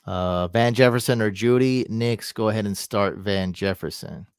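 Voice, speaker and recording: A man's voice: fairly low pitch, moderate pace, clear, resonant tone, no echo. A man giving casual fantasy football advice on a live stream, thinking aloud and answering questions from the chat.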